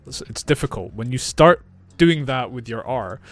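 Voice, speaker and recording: A man with a northeast Scottish accent, an English teacher reacting to accent clips, speaking clearly and patiently. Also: medium pitch, moderate pace, few pauses. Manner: clear, patient, repeats phrases. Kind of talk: reaction video, explaining accents.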